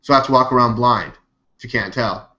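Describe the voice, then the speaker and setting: The audio is dull and lo-fi, like a cheap webcam microphone, as a man runs his own live news stream. He speaks in a mid-range voice with a bright, sharp edge, rambling loosely, skeptical and quick to curse.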